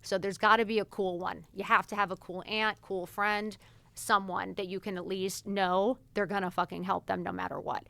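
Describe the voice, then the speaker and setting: A woman's voice: medium pitch, normal speed, gravelly, no room sound. A woman in her forties hosting a podcast, talking candidly and swearing freely while she acts out conversations. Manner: frank and animated, swears freely, acts out quoted exchanges. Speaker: podcast host answering follower questions. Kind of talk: candid casual chat.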